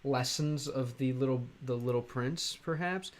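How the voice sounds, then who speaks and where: On a live stream, a young American man reads chat messages out loud and struggles through hesitant Russian full of fillers. He speaks at a medium pitch.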